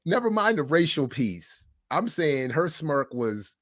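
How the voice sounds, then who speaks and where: A middle-aged man hosting a livestream, telling stories in a casual monologue with animated swings between hushed and loud. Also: on the high side, unhurried, few pauses, dry recording, studio quality. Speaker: livestream host.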